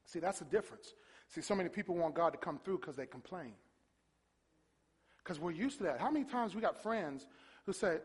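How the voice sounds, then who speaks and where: High-voiced preacher in a reverberant hall. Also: male voice, moderate pace, slightly rough. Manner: animated preaching, acts out voices, shouts at peaks. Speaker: pastor. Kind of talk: sermon. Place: church sanctuary.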